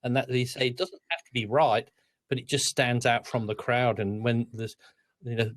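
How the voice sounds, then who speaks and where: Australian man, mid-pitched voice, chatty podcast co-host, dry sound. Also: steady tone, moderate pace, no echo. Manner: chatty, repeats words when starting. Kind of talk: casual chat.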